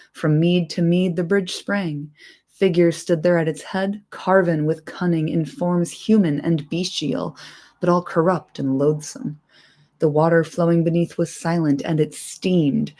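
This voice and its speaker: A woman reading a fantasy book aloud on a livestream, expressive, with casual and profane chatty asides. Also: deep voice.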